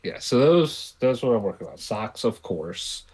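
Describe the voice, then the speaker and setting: A man's voice: lowish voice, sing-song, moderate pace, a little mellow, husky. A middle-aged man co-hosting a casual chat show, rambling with many restarts. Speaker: podcast co-host.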